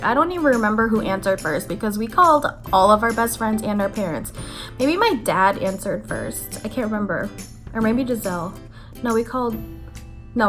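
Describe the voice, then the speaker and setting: Chatty young woman, slightly high voice. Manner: chatty, animated storytelling with frequent "like" fillers. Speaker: vlogger. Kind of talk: casual chat to camera. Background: faint background music.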